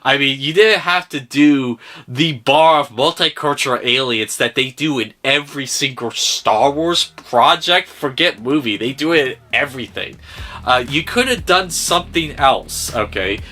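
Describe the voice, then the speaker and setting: A man giving a casual film review, talking in an animated, sarcastic way and swearing freely. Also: medium pitch, measured pace, faint music behind.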